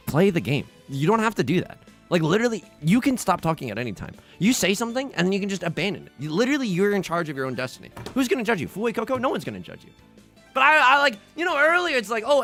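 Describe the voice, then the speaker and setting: A young man, Mandarin his first language, chats with viewers in a rambling, self-deprecating, casual way while playing online mahjong on a livestream. His voice sits high and sounds gravelly, pushed, and bright.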